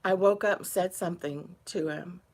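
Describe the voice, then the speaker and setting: A woman recounting a personal story in a casual, unhurried, conversational way, with pauses between phrases. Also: lowish voice, a little mellow.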